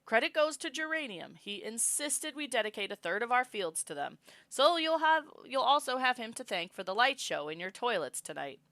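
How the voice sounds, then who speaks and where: A woman voicing a proud, brisk mother making public announcements to a crowd. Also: on the high side, big pitch swings, fairly bright tone, no room sound, pitched above the performer's own voice.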